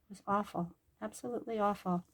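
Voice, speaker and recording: A woman's voice: mid-range voice, steady tone, fast, very noisy. An older woman and grandmother chatting casually and rambling while she sews a craft at home, joking about herself. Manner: chatty, rambling, jokes at her own expense. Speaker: crafting vlogger. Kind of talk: casual chat while sewing.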